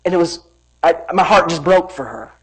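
Man preaching, high-pitched voice, animated storytelling, laughs and shouts for emphasis. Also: normal speed, breathy edge, poor audio. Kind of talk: sermon.

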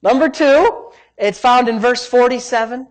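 A man's voice: extremely high pitch, measured pace. A male pastor preaching a sermon in an emphatic, repetitive way, often breaking in with praise. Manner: emphatic, repetitive, frequent "praise God" interjections.

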